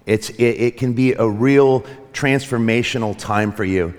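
A man's voice: medium pitch, unhurried, long reverb tail. A man preaching a sermon as pastor to his church, earnest and reflective, with frequent restarts and light joking. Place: church sanctuary.

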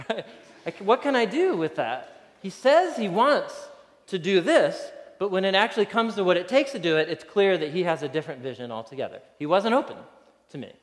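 A man's voice: sits high, big pitch swings, a little fast. A man in his thirties, a pastor giving a sermon in a conversational, storytelling way and chuckling often. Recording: reverberant hall.

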